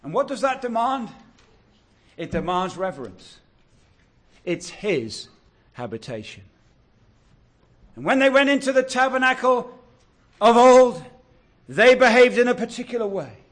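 A man preaching a sermon, earnest and exhortative, drawing out key words slowly. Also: very high voice, big pitch swings. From England.

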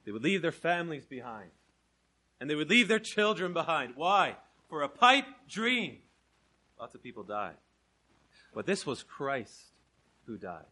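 A young man from Canada preaching an evangelistic sermon, swinging from soft, slow emphasis to loud, driving proclamation. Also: a little high, big pitch swings, breathy edge.

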